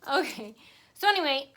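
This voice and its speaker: A woman's voice: high voice, fairly bright tone. A woman telling a rambling personal story to camera, sarcastic and full of fillers and asides. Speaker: vlogger.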